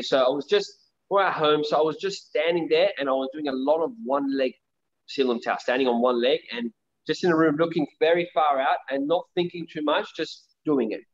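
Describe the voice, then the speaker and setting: A man's voice: on the high side, fairly quick. A man who teaches martial arts, telling stories in a casual interview with many restarts. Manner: rambling with frequent restarts. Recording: dull lo-fi audio.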